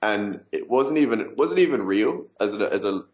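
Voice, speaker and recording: A man's voice: on the low side, lively intonation, moderate pace, echoey room, lo-fi sound. A man co-hosting a casual, profane chat with friends, talking loosely and laughing easily. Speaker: podcast co-host.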